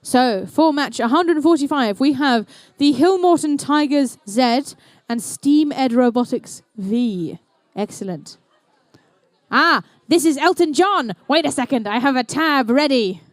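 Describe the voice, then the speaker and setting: A woman's voice: high voice, lively intonation, measured pace, no room sound. A woman with a New Zealand accent giving live commentary at an indoor robotics competition, playful and chatty, with jokey asides to the teams and crowd. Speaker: event commentator and emcee.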